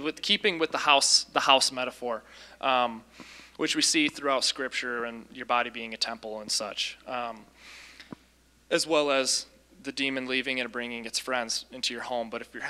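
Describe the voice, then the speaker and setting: A man casually recounting a deliverance story as a Christian minister, lively, with frequent ums and restarts. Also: medium pitch.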